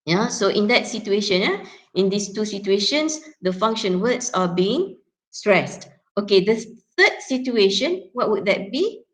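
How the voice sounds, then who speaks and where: A woman lecturer with a Malaysian accent teaches her students, walking through each point in turn. She keeps checking in with a quick "yeah?" as she goes, in a voice of ordinary middle pitch. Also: expressive, low-quality recording. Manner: explains step by step, often checking with "yeah?". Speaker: university lecturer. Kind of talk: teaching a phonetics class.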